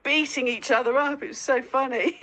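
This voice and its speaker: A woman guest in a casual interview, telling lively stories with lots of laughter and squeaky acted-out asides. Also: moderate pace, low-quality recording. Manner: giggly storyteller, acts out lines in a high squeaky voice. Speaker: guest, dog owner and foster carer.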